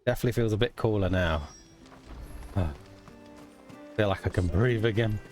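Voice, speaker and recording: A man's voice: fairly low pitch, normal speed, darkish tone, faint music behind. A man casually commenting as he plays a video game, chatty and self-mocking. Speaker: streamer.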